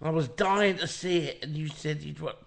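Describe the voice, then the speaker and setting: A man's voice: fairly high pitch, normal speed, vocal fry, a bit bright. A man in casual podcast chat, rambling and swearing, with lots of false starts. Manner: swearing, rambling, full of restarts.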